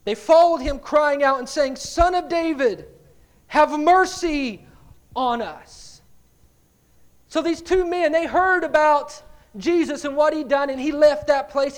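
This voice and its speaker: High-voiced animated male preacher. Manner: animated storytelling, swings from quiet asides to loud dramatic cries; repeats words while building up a point. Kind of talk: sermon.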